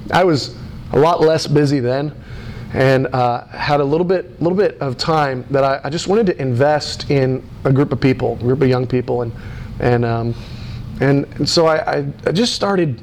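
A middle-aged American man preaching, telling a story with lots of fillers and restarts in an animated, excitable way. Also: a little high, slight background noise. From United States. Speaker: pastor. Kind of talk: sermon storytelling.

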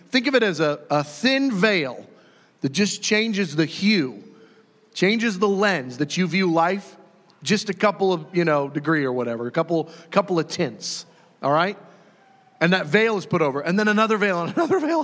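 A man preaching a sermon in a lively, conversational way, often acting out quoted voices with sudden shouts. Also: high voice, normal speed, big-room sound. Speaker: pastor.

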